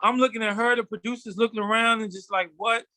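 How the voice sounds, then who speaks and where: A man's voice: high-pitched, fast talker, no room sound. A man, a fashion designer guest, telling his story animatedly in a casual interview. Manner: animated storyteller, acts out quotes. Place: studio.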